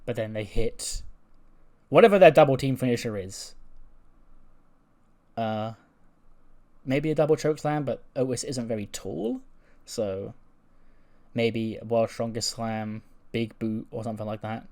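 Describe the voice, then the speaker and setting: A man's voice: medium pitch, measured pace, pauses often, a little mellow. A man casually recapping a wrestling show, chatty and full of fillers.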